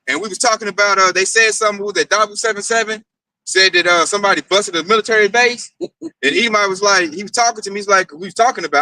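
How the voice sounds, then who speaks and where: A man in casual group talk, excitable, acting out conversations he recounts. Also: sits high, no room sound, recorded from a distance, low-quality recording. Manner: excitable, acts out quoted exchanges. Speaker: participant in a group discussion.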